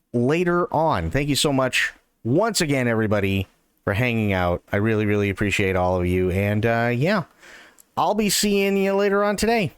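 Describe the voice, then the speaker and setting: A man's voice: mid-range voice, no room sound. Guy streamer chatting with chat, thanking everyone, mid voice, dry close mic. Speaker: livestreamer. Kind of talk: casual livestream chat.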